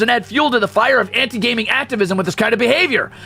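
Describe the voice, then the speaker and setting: A male streamer reads a story game aloud and breaks off for sarcastic, profane jokes. His voice is gravelly and husky. His pitch swings widely, and faint music plays behind him. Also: fast, few pauses, bright, forceful tone. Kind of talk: game read-through with commentary.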